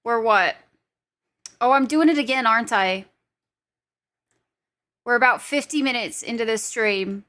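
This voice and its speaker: A woman's voice: fairly high pitch, a little slow, long pauses, a bit bright. A young adult woman streamer chatting casually with her viewers. She giggles often and swears freely.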